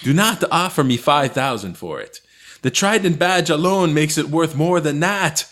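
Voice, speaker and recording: A man hosting a podcast, reading online ads aloud in a deadpan, mock-dramatic way and swearing freely. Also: a little high, moderate pace. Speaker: podcast host.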